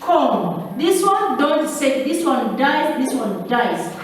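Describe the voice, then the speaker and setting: Slow, high-voiced teacher drilling phonics. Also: female voice, very animated. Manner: slow, drilling, repeats sounds for pupils. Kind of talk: classroom phonics lesson. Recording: echoey room, mic far off.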